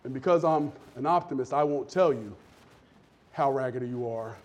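A man preaching a lively, conversational sermon in a church, calling out to the congregation. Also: medium pitch, normal speed. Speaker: pastor.

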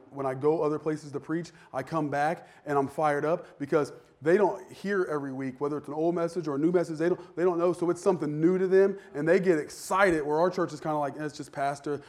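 A man, a pastor, preaching a conversational sermon that swells into fervent shouting. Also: fairly high pitch.

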